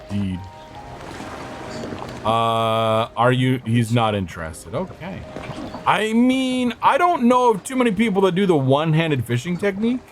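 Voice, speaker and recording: A male streamer talking his way through a game in casual commentary. He swears freely and laughs at his own failures, and his pitch jumps up and down a lot. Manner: chatty and swears often, with frequent laughs and self-talk.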